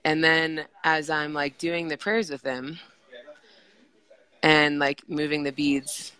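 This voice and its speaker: Bright-voiced woman telling a story. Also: low-pitched, level tone, slow, long pauses, clean tone, poor audio. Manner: rambling, many fillers and restarts. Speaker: podcast guest. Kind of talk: casual storytelling conversation.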